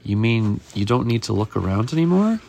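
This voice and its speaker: A man voicing a nervous, eager-to-please male chef from a storybook, with hurried, anxious offers. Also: medium pitch, very animated, gravelly, a little mellow, a little hiss or hum.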